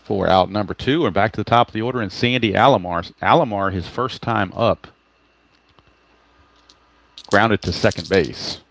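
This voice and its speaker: A man's voice: fairly low pitch, moderate pace, vocal fry, long pauses, a bit bright. A man hosting a tabletop baseball game, calling the plays as he rolls dice and reads player cards, stopping now and then to greet viewers and correct his own slips. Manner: greets live chat viewers mid-game.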